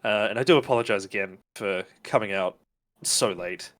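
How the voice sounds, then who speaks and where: A man's voice: on the low side, normal speed, fairly bright tone, lightly acted. A man voicing a polite, rambling doctor who is hosting his guests. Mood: genial. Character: genial male doctor hosting a dinner, fussy explorer.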